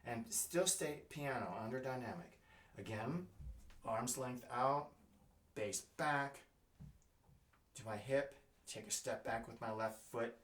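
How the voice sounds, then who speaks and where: A man teaching double bass, thinking aloud in a halting way with fillers and scatting rhythms as he plays. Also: fairly bright tone. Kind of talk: music lesson, thinking aloud while playing. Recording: roomy, mic at a distance. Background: double bass playing.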